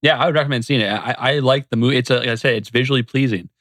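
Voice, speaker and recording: A man co-hosting a podcast who talks haltingly, full of "like" and restarts. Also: medium pitch, a bit bright, dry recording, studio quality. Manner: hesitant, many fillers like "like". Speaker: podcast co-host. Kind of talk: casual chat.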